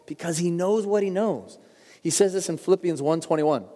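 A middle-aged male pastor giving a sermon, telling stories earnestly and slowing down for emphasis. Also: high-pitched, mellow. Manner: earnest storytelling preacher, shifts pace for emphasis. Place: church sanctuary. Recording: long hall reverb.

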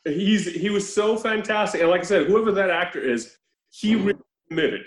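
A man's voice: high-pitched, moderate pace. A man chatting casually about a movie on a podcast, laughing often as he retells scenes. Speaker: podcast co-host. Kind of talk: casual movie-review chat. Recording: roomy echo.

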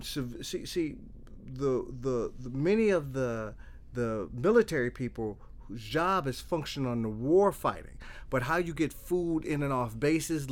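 A middle-aged man, a trauma therapist, telling a story in casual conversation and acting out the dialogue with lots of restarts. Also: a little high. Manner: animated storyteller, acts out dialogue, repeats and restarts.

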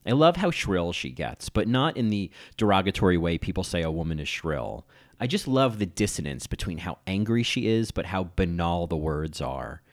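Low, lively-voiced man, TV critic reading a scripted essay, analytical. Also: moderate pace. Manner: analytical, admiring. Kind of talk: scripted video-essay narration.

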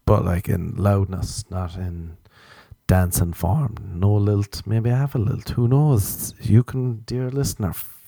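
A man's voice: lowish voice, fairly even intonation, measured pace, vocal fry, dark tone, slightly rough, no room sound. A man from Ireland hosting a solo comedy podcast from his apartment, rambling through self-mocking jokes and tangents. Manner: self-mocking, meandering, jokey asides. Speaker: podcast host.

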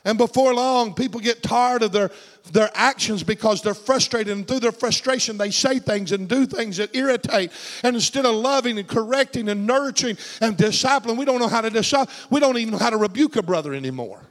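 A male preacher with a strikingly high voice and a drawl delivers a sermon. He drops to low, quiet asides, then builds up to shouted peaks, and he keeps asking the congregation for an amen. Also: a little fast, long reverb tail. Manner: swings between low, hushed asides and shouted climaxes; calls for amens from the congregation.

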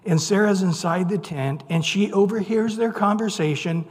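A man preaches a sermon in a bright, high voice, telling the story casually and with humor. He acts out the voices of the people he quotes. His voice rings out with a long reverb, as if in a large hall. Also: moderate pace. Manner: conversational, playful retelling with voiced quotes.

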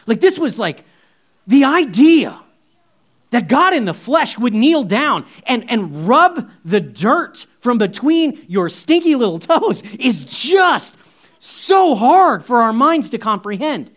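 A man preaching a sermon in a conversational, animated storytelling way, full of asides. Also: very high voice, slow. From United States. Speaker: pastor.

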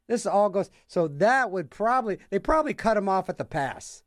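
A man's voice: sits high, expressive, moderate pace, few pauses, no echo, studio quality. A man hosting a music radio show, chatting casually between records and rambling through jokes and acted-out little scenes.

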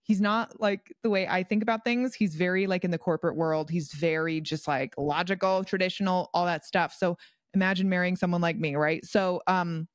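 A woman's voice: lowish voice, steady tone, normal speed, no room sound, clean studio sound. A woman coach talking casually in an interview, chatty, with frequent laughs and fillers. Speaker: guest, personal development coach.

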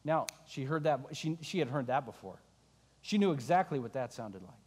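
A man's voice: medium pitch, very animated, normal speed, a little mellow, slightly rough, in a large hall. A man preaching a sermon as a pastor, telling the story with wry asides.

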